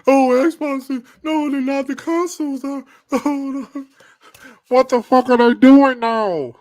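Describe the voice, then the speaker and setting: A man's voice: very high voice, slow pace, a little mellow, no room sound, pitched above the performer's own voice. A man putting on a mocking voice of a whiny, sulking male online gaming critic. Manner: mocking, exaggerated whine.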